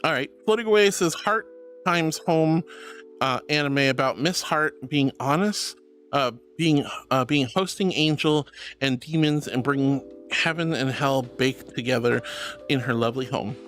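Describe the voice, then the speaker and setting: A woman's voice: a little slow, soft background music. A woman streamer reading out chat messages in a bubbly, affectionate way, calling her viewers sweetheart and darling. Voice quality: squeaky laugh.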